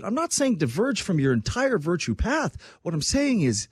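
A man from Quebec giving casual political commentary on his own program, animated and sarcastic. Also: high voice, slightly rough, no echo, clean studio sound. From Quebec, Canada. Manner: animated, sarcastic, quick asides.

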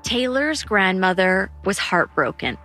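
Bright female documentary narrator. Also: mid-range voice, faint music behind. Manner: even, measured reporting. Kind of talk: scripted narration.

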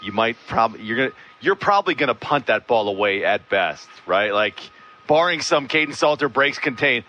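Man, sports host, bright tone, opinionated, quick talker. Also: medium pitch, expressive, slight background noise. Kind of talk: casual sports talk.

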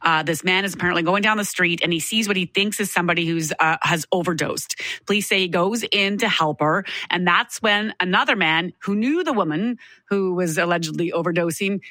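Bright-voiced woman radio host. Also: on the low side, a little fast, dry recording. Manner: conversational storytelling. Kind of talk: talk radio discussion.

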